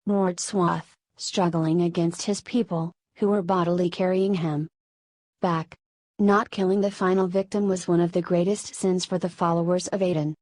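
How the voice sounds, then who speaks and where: A woman reading an audiobook narration in a steady, even manner. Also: lowish voice, no echo, poor audio. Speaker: audiobook reader. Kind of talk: scripted narration.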